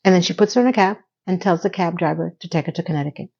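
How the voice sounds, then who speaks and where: A woman's voice: on the low side, racing, gravelly, a little mellow, slightly rough. Middle aged woman doing a chatty show recap, opinionated, kinda muffled lo-fi audio. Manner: chatty, opinionated, advice-giving. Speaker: TV episode recapper. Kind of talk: casual episode recap.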